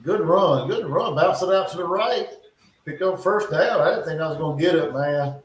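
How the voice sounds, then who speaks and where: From his echoey North Carolina home, a man hosts a laid-back livestream reacting to football in real time. His voice leans high and moves at a moderate pace as he chats through the plays and mutters side comments.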